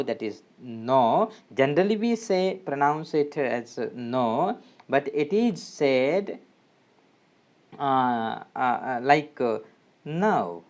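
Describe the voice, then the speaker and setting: Slow, hesitant Indian English teacher. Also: male voice, a little high. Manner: slow, hesitant, many fillers and restarts. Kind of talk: phonetics lesson.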